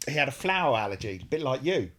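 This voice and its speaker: A man's voice: medium pitch, sing-song, quick pace, fairly bright tone, a little hiss or hum. A man co-hosting a casual chat show, talking in a rambling, jokey way, often correcting himself. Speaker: co-host.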